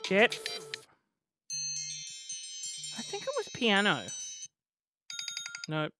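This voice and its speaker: A man's voice: high voice, drawn-out words, over music. A man, hosting a comedic podcast monologue full of exasperated, swearing rants. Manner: animated, exasperated ranting with swearing and playful impressions. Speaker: podcast host.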